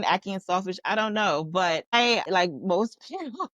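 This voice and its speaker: A woman's voice: medium pitch, moderate pace, no room sound, dull audio. A Jamaican-born woman guest with a light Jamaican accent, talking candidly and with animation in a casual conversation. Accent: light Jamaican, mostly North American. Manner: candid, animated storytelling with laughs.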